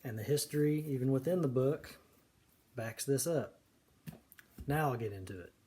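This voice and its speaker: Earnest man with a mellow voice. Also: mid-range voice, a little hiss or hum. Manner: earnest, emphatic, slow stresses on key words. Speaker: video preacher. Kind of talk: casual scripture commentary.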